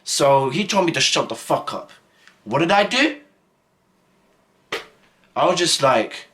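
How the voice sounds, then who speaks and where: A man's voice: fairly high pitch, very animated, takes it slowly, long pauses, fairly bright tone, a little hiss or hum. A young man telling a school story in a casual, rambling way full of slang and fillers. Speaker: vlogger.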